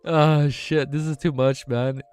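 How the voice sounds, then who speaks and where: A man's voice: fairly high pitch, flat delivery, unhurried, a little mellow, clean tone, faint music behind. A man streaming live, reading a novel aloud, stumbling over words and laughing at his own misreads, in slangy casual talk. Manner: casual, slangy, says man and dude a lot.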